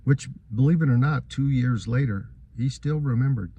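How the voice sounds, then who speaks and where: An aggrieved man tells his own story straight to the listener, walking through each event in turn. His voice sits at an ordinary middle pitch, and he keeps an earnest, wronged tone throughout the account. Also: moderate pace, mellow, a little hiss or hum. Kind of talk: first-person account of a court case.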